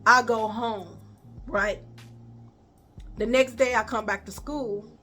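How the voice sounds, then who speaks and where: A woman with a Chicago accent tells a story to her viewers, animated and profane, calling them y'all. Her voice is high and bright. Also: takes it slowly, faint music behind. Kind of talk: casual storytime vlog.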